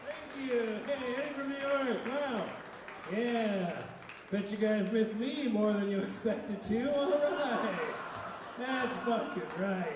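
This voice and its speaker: A very high-voiced man emceeing a live comedy show, loudly hyping up the crowd. His voice rings in a reverberant hall, heard from a distance over the crowd's noise. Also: slow. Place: comedy club stage. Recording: echoey hall, far mic, crowd noise.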